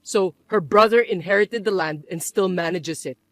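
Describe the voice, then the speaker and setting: A woman voicing a calm, level-headed grown son who speaks patiently and quietly. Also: moderate pace, lightly acted. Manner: calm, patient, lower and softer.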